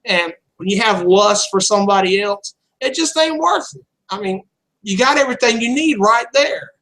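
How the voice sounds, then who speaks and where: High bright-voiced blunt man. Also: animated, moderate pace, poor audio. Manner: rambling, blunt, swears freely. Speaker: channel host. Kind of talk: candid casual storytelling.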